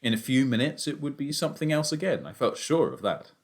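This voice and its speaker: Expressive male audiobook narrator. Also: mid-range voice, fairly quick. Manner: expressive storytelling, narrating as a boy. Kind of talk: audiobook reading of a children's novel.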